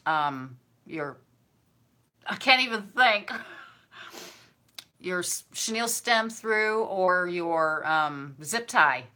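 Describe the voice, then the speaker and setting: Gushing woman with a bright voice. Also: on the low side, lively intonation, drawn-out words, long pauses. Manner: gushing, chatty, effusive. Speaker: craft and decor vlogger. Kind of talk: casual chat unboxing viewer gifts.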